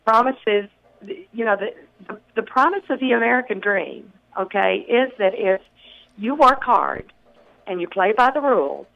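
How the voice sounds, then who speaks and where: Gravelly candidate from Tennessee in their 60s. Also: mid-range voice, expressive, narrow, tinny audio. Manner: earnest, measured, with frequent ums and restarts. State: slightly rough early-morning voice. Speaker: congressional candidate. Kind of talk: radio interview answers, campaign talking points.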